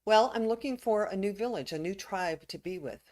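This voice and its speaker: A woman's voice: mid-range voice, lively intonation, moderate pace, darkish tone, voice pushed up, lightly acted. A woman voicing a bitter male wanderer who complains about the village he left. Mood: complaining. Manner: complaining, exasperated.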